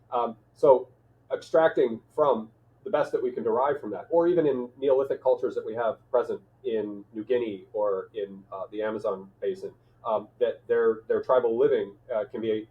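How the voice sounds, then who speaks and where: A male podcast host talking in a thoughtful, halting way, with many fillers and restarts. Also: mid-range voice. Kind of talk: reflective conversational chat. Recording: tinny phone-like line.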